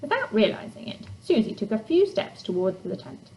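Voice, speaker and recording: A woman narrating a children's storybook in a calm, even reading voice. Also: medium pitch, normal speed, a little hiss or hum, poor audio. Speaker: reader.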